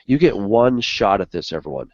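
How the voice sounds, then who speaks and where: A man with a lowish, very animated voice co-hosts a Bible study show, talking earnestly at normal speed in a casual discussion full of "you know" fillers. There's no room sound, and the recording is dry, dull and lo-fi.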